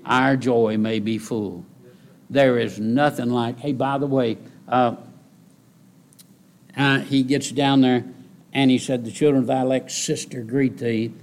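A man preaching a sermon in a folksy way, repeating key phrases and rising into loud exhortation. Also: fairly even intonation, measured pace. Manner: rises to loud, high-pitched exhortation. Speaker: pastor.

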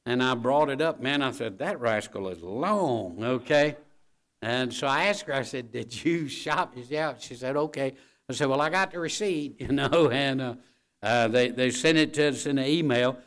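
A man's voice: mid-range voice, normal speed, fairly bright tone, clear, resonant tone. A middle-aged man preaching a folksy sermon. He talks conversationally, tells jokes and home stories, and keeps checking in with the congregation. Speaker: pastor.

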